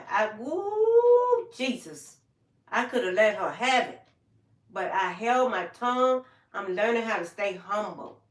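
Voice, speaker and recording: Sitting far from the mic in an echoey room, an older woman with a mid-range voice chats casually with her livestream viewers. She talks in a warm, folksy, heartfelt manner and calls out people by name.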